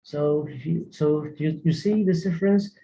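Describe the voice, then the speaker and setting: A man's voice: fairly high pitch, normal speed, dark tone, low-quality recording. A man teaching a language lesson, carefully repeating words to model pronunciation, often hesitating.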